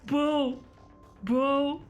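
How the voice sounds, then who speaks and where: A woman's voice: high voice, fairly even intonation, extremely slow, highs cut off, soft background music. A young woman streaming a game, reacting with shrieking laughter and frequent swearing. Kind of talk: reactive gameplay commentary.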